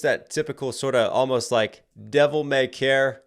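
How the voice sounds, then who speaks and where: A man's voice: mid-range voice, steady tone, moderate pace, over loud music. A man reviewing an album in a casual reaction video, chatty and playful, with frequent filler words. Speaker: music reviewer.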